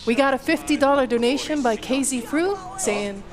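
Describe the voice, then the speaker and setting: A woman filling in to read out donation messages at a live charity marathon, bright and upbeat. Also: sits high, normal speed, music in the background.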